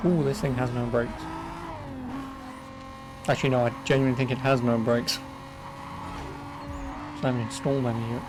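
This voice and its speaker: A man's voice: mid-range voice, little pitch movement, moderate pace, long pauses, background noise. Sweary, sarcastic English gamer guy. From England. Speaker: gaming streamer. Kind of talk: casual let's-play commentary.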